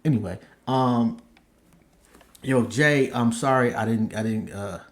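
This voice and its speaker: A man hosting his own podcast in casual chat, excitable and slangy, swearing freely and breaking into high squeals when he gets worked up. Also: a little slow. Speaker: podcast host.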